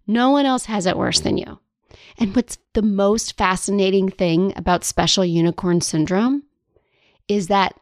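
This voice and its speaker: A woman's voice: medium pitch, a little mellow, no room sound. Woman with dry playful podcast delivery. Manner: playful, laughs often, acts out whiny voices. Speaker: life coach podcast host. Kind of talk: solo podcast monologue.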